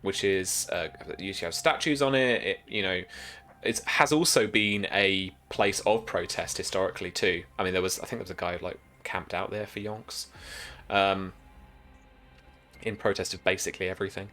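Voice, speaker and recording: A man's voice: low-pitched, moderate pace, sharp tone, soft background music. British man running a tabletop game. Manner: rambling, laughing, many restarts and fillers. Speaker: game master.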